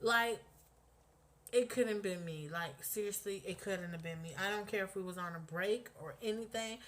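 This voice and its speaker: A woman's voice: mid-range voice, normal speed. A young woman casually telling a personal story on her vlog, blunt and profane, acting out what people said. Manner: animated, blunt, profanity-laced retelling with acted-out quotes.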